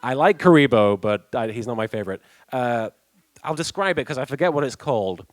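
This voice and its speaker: A man's voice: medium pitch, expressive, fairly quick, dry recording. A young British man answering fan questions at a convention panel, chatty, laughing often and restarting his sentences. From England. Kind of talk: casual panel Q&A.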